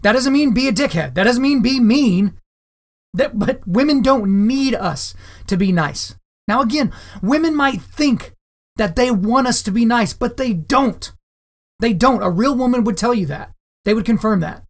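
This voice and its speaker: A man's voice: very high-pitched, animated, normal speed. A man hosting a solo podcast monologue, talking to his listeners in an emphatic way and repeating phrases for stress. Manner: direct, addresses listeners as guys. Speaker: podcast host.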